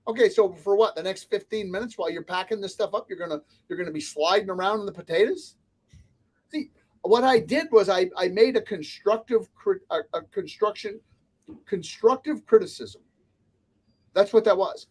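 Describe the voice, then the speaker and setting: A man's voice: high-pitched, normal speed, a little mellow. A man, a restaurant consultant, giving blunt, emphatic advice as a guest in a casual interview. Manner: blunt, emphatic, lists points.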